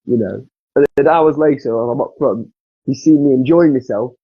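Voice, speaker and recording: A man's voice: medium pitch, normal speed, mellow, slightly rough, dry recording. A man from England telling stories as a podcast guest, casual and swearing freely. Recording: dull dry lo-fi sound.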